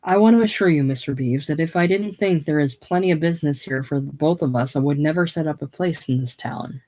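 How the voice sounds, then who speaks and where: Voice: mid-range voice, a little fast, warm tone, natural voice. A reader voicing an earnest Austrian mechanic. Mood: apologetic. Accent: slight German. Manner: polite, eager, self-effacing.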